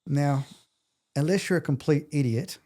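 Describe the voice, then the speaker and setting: A man's voice: on the high side, moderate pace. A middle-aged man, a podcast guest telling an emotional story with intensity and acting out the quotes. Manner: intense, animated retelling, acts out quotes.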